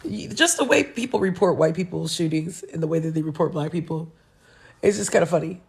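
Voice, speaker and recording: A woman's voice: on the low side, a little fast, creaky, husky. A young woman hosting her own show, reading news headlines aloud and reacting with blunt, sarcastic remarks and frequent laughs. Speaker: show host.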